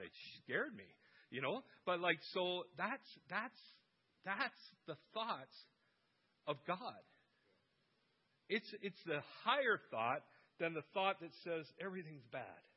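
A man's voice: high voice, slightly rough, highs cut off. A man preaching a sermon to a church, telling stories with humor and quoting people in their voices. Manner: humorous storytelling with quoted voices. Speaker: guest preacher.

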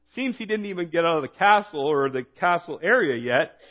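A man preaching a sermon in a relaxed, conversational way, reading scripture and retelling it in his own words. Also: fairly high pitch, a little fast. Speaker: pastor. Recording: dull lo-fi recording.

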